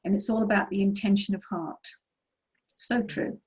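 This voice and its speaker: A woman's voice: medium pitch, steady tone, fast, darkish tone, husky. A woman answering questions as a mediumship teacher in an online session, explaining in an encouraging way.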